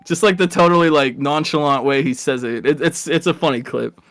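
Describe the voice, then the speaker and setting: A man's voice: a little high, brisk, fairly bright tone, dry recording, soft background music. A man casually commentating a live video game race, rambling and chatty, laughing at his own stories.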